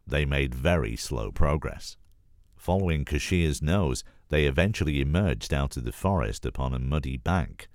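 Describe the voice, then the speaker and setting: Man reading a storybook, extremely deep voice, calm, dry close sound. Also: no echo. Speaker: narrator.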